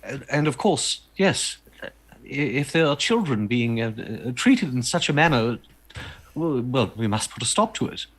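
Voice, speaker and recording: A man's voice: medium pitch, sing-song, normal speed, a bit bright, low-quality recording. A man playing an earnest, formal adventurer.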